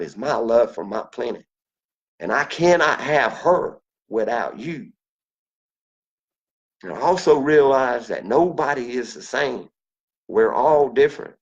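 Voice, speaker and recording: A man's voice: medium pitch, dull audio. A man talking straight to camera in an earnest, folksy, preachy monologue that circles back on its points. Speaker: vlogger. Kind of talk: emotional personal monologue.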